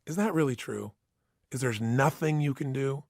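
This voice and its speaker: A man's voice: medium pitch, normal speed, creaky, darkish tone, no room sound, studio quality. A man giving an emphatic motivational talk, acting out the voices in people's heads. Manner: emphatic, acts out inner voices. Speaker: motivational speaker.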